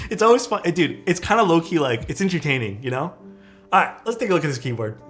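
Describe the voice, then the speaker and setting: A man's voice: a little high, fairly quick, faint music behind. Profane, chatty male streamer telling stories. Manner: loose, profane, animated storytelling with frequent laughs. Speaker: streamer building keyboards. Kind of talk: casual livestream chat and storytelling.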